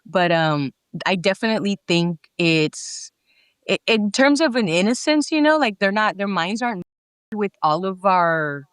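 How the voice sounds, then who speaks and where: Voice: medium pitch, lively intonation, measured pace, a bit bright, smooth, no room sound, studio quality. A podcast guest talking casually with lots of fillers. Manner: chatty, many fillers like you know.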